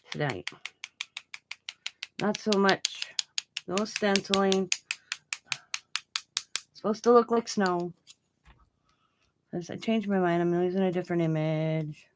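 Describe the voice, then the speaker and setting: A woman talks in a relaxed, rambling way while she crafts at home, laughing easily between thoughts. Her voice sits a little low, and there is faint noise in the background. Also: slow, long pauses, low-quality recording. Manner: rambling and chatty, often laughing. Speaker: craft channel host. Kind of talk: casual livestream chat while crafting.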